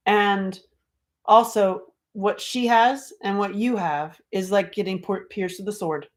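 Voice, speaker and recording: A middle-aged woman from North Carolina, an author talking casually on a livestream, chatty and animated, acting out quoted voices. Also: medium pitch, measured pace. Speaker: author and speaker.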